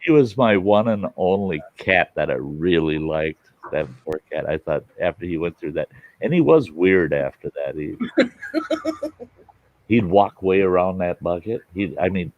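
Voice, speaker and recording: A man's voice: deep voice, no echo, lo-fi sound. Folksy man telling a campfire tale. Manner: folksy, chuckles through his own story. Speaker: storyteller host. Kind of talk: casual campfire storytelling.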